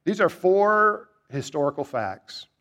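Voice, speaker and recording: A man preaching a sermon, emphatic and asking rhetorical questions, climbing high on key points and dropping low and quiet to reflect. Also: big pitch swings, takes it slowly.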